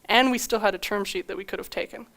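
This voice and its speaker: Woman, young adult, conference talk, lively storytelling, acted-out quotes, laughs. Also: mid-range voice, fast talker. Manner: animated, acts out quoted dialogue with laughs. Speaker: conference speaker.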